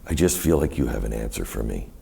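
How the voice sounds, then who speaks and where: A very deep, gravelly male voice carries a rambling onstage story, his pitch swinging widely as he acts out what others said. He sounds middle-aged, speaking at a university event before an audience. A faint hiss sits beneath the room sound. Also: fast. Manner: animated, rambling storyteller who quotes others in many voices. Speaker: guest. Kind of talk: storytelling in a live onstage conversation.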